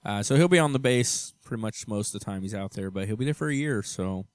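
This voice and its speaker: A man's voice: lowish voice, fast, clear, resonant tone, no room sound, clean studio sound. Jokey, teasing man on a podcast. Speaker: podcast co-host. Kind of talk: casual banter with his wife. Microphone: studio mic.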